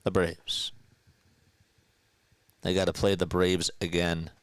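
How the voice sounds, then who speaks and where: Excitable man calling live play-by-play. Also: deep voice, slow pace, no echo. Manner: excitable, hyped, chatty with viewers. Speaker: fan play-by-play streamer. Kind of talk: live fan play-by-play commentary.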